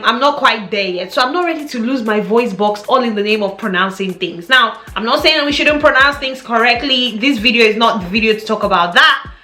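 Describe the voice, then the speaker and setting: Bright chatty woman vlogger, echoey room. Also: fairly high pitch. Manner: chatty, playful, laughs often. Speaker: fragrance vlogger. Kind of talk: casual chat to camera. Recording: echoey room with faint music.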